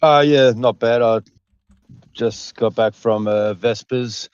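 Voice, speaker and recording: A man calls in to a livestream over a voice chat app while driving home. His voice sits in the middle range and sounds dry, and he chats in a relaxed, friendly way. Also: mid-range voice, slow, clean tone, no room sound, highs cut off. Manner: easygoing, friendly. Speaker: caller. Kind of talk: casual call-in chat. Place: driving in a car.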